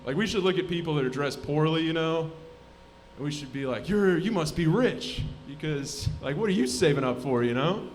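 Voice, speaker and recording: A man in his twenties doing a live stand-up set in a comedy club, deadpan, muttering asides and then bursting into shouted voices. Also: on the high side, brisk, soft background music. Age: 20s.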